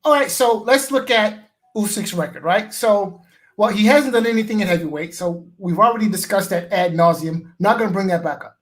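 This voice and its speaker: A man joining a live boxing talk show as a pundit who lays out his argument step by step. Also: high-pitched. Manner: measured, builds a case step by step.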